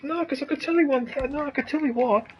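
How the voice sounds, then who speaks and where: A man with an Australian accent chatting casually and excitably while streaming a game, rambling and swearing now and then. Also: extremely high pitch, quick pace, highs cut off, a little hiss or hum. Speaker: gaming streamer.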